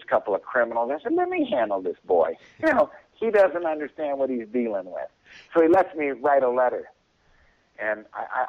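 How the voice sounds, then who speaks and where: A man's voice: medium pitch, phone-quality sound. A man telling stories as a radio show guest, chuckling often and acting out what people said to him. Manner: chuckling, acts out quoted voices. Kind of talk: casual storytelling.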